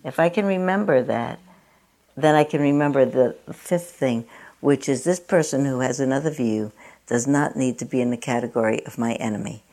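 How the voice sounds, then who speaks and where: A woman's voice: extremely low pitch, normal speed, dark tone. A woman meditation teacher giving a dharma talk at a meditation center, chatty and self-mocking, often laughing at herself.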